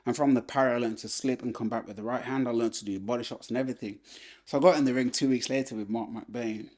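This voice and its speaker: Husky-voiced man telling animated stories. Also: mid-range voice, fast talker. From England. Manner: animated anecdotes with frequent "you know". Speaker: podcast guest, former boxer. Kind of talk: casual storytelling interview.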